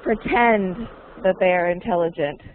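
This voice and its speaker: A woman's voice: on the low side, moderate pace, slight background noise. Woman teaching English over a tinny call. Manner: patient, repeats and models phrases, laughs often. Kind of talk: online group English lesson. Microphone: computer mic on a video call. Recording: tinny online call line.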